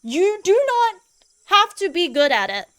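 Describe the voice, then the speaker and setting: Vtuber girl rambling while gaming, high voice, super chill and silly, swears a lot. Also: sing-song, a little slow, fairly bright tone, no room sound, poor audio. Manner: goofy, laid back, swears freely. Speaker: VTuber streamer. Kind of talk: casual game-stream chat.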